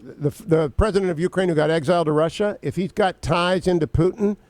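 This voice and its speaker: A man hosting a political talk radio show, briskly laying out his opinions point by point into a studio mic. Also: a little high, a little mellow, dry recording.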